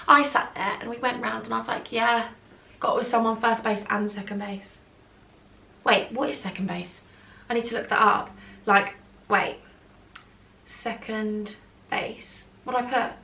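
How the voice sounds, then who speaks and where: Young woman, giggly storyteller, lifted pitch, echoey room. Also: sharp tone. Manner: chatty, giggly, acts out voices of others. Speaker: beauty vlogger. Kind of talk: casual storytelling to camera.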